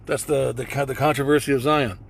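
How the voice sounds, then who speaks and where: A man's voice: medium pitch, steady tone, a little fast, gravelly, husky. A man giving profane religious commentary over video clips, reading scripture and repeating phrases like a preacher.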